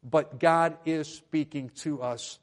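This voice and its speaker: A man preaching a sermon at a church lectern, moving between quiet conversational asides and loud, emphatic proclamations. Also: a little high, steady tone, slow pace. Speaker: pastor.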